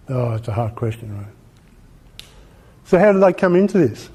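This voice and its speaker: A man's voice: mid-range voice, sing-song, normal speed, pauses often, darkish tone, breathy edge. A man with an Australian accent giving an informal presentation, emphatic, repeating his points and asking rhetorical questions. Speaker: speaker.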